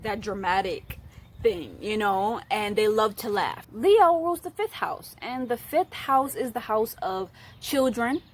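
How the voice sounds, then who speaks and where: A young woman giving a casual, chatty astrology talk, playful and full of fillers. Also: medium pitch. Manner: chatty and playful, many fillers, slips into acted voices. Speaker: astrology youtuber.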